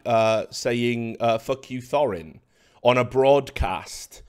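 A man's voice: mid-range voice, slow, smooth. A man hosting a commentary video, ranting in a sarcastic, profane and scornful way at his audience.

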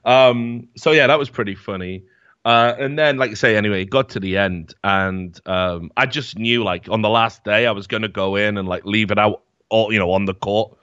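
A man's voice: on the low side, moderate pace, a bit bright, smooth, dry recording. A young man telling rambling, profane stories in a casual chat as podcast host. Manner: rambling, profane storytelling with many fillers. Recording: dull, dry lo-fi mic.

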